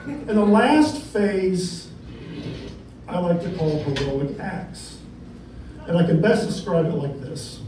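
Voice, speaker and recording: High-voiced man doing stand-up. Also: slow pace, pauses often. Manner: rambling, conversational, keeps asking "right?". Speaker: stand-up comedian. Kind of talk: stand-up comedy. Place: comedy club stage. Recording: echoey room, distant mic, noisy.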